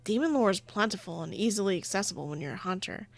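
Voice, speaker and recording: A woman's voice: mid-range voice, animated, fast talker, dry recording. A woman playing a visual novel, reading its narration aloud in a chatty, giggly way with casual asides. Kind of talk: reading game narration with live commentary.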